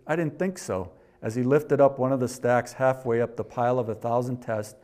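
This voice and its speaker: A middle-aged man preaching a sermon. He reads a story aloud, rises in volume for scripture, and drops low for asides. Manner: varies loudness a lot, rising for scripture and dropping for asides. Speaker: pastor.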